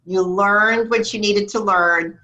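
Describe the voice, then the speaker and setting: Woman, host, emphatic, cheering, motivational team call, clear bright voice. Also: medium pitch, fairly even intonation, slow, highs cut off. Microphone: computer mic on video call.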